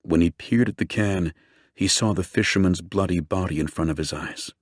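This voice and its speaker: A male audiobook narrator with a low voice reads a true-crime book in a steady, measured storytelling style. It's scripted narration with a dry, clean studio sound.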